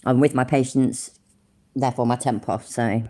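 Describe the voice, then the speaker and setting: A woman's voice: extremely low pitch, steady tone, normal speed, dark tone. A woman hosting a live reaction stream, blunt and sarcastic, swearing constantly as she comments on a video. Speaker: livestream reaction host.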